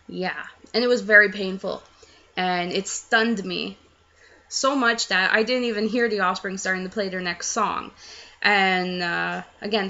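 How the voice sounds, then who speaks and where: A woman's voice: a little high, sharp tone, highs cut off. A young woman casually telling a rambling, self-mocking story to the camera.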